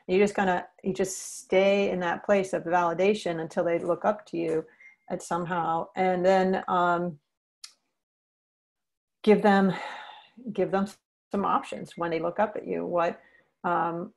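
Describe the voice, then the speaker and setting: A woman's voice: on the low side, steady tone, unhurried, gravelly, darkish tone. A woman leading a teacher training session, earnestly explaining and acting out what to say to students. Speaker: social-emotional learning trainer.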